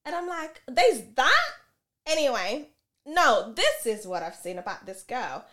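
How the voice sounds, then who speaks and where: A woman co-hosting a casual podcast, telling a story with animated delivery and acting out both sides of an argument. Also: fairly high pitch, normal speed. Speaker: podcast co-host.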